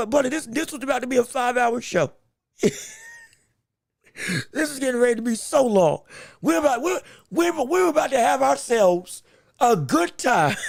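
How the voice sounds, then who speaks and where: A man hosting a boxing podcast, chatting casually with his audience in an excitable, animated way, laughing often and repeating himself as he talks. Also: very high voice, creaky, no room sound. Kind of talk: casual live-stream chat.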